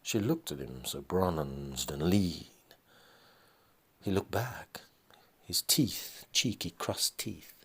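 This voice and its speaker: A man reading his own dramatic story aloud, with deliberate narration. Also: sits low, very animated, a bit bright, breathy edge.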